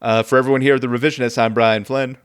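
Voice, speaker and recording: A man's voice: medium pitch, level tone, fast, clean tone. A man hosting a podcast in casual chat, hesitant and full of filler sounds, chuckling often. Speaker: podcast host.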